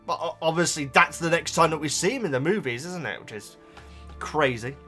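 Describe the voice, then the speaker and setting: A man's voice: a little high, lively intonation, brisk, pushed and bright, soft background music. Chatty young man with a slight Bristolian accent. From Oxfordshire, England. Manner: chatty, rambling, often laughing, addresses the viewers as guys. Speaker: book vlogger. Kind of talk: casual chat.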